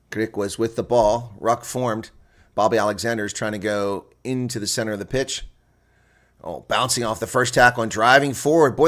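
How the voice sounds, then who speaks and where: A man with a mid-range voice does live rugby play-by-play and reactions on his own, getting excited and exclaiming, and chats with viewers between plays.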